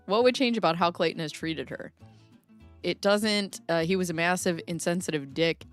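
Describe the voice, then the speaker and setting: A woman's voice: fairly low pitch, moderate pace, faint music behind. A woman hosting a casual commentary video, reading viewer comments and chatting, laughing between thoughts. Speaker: commentary host.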